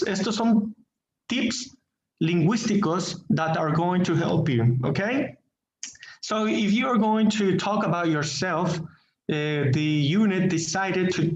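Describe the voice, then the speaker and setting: A man whose first language is Spanish teaching an English class online, speaking slowly and deliberately and repeating words as he searches for them. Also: high voice. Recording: echoey, dull online class audio.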